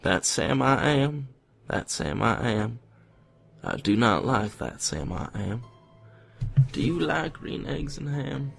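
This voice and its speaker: A man reading a children's rhyme in a slow, drawling impression of a folksy politician. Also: mid-range voice, sing-song, vocal fry, fairly bright tone, slightly rough, heavily acted.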